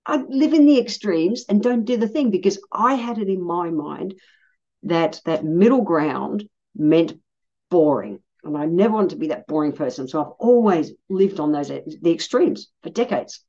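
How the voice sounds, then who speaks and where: A middle-aged Australian woman telling a personal story in a casual, blunt way, swearing freely and getting animated when she quotes people. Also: fairly low pitch, normal speed, lo-fi sound. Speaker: podcast host.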